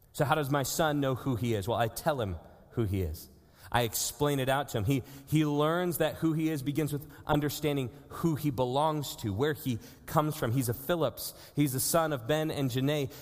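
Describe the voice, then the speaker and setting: A man in his thirties preaches in an earnest, conversational way, mid-pitched and steady. His voice carries a long reverb, as if from a church sanctuary. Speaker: pastor. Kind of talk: sermon.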